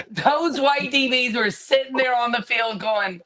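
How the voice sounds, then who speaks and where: A woman's voice: fairly high pitch, slow, a bit bright, low-quality recording. A woman co-hosting a sports talk show, ranting with sarcasm and emphasis in casual chat. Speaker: podcast co-host.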